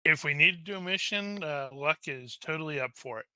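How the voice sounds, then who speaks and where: Man, very bright tone, joking, wisecracking player, tabletop game. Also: a little high, brisk, clean tone, no echo.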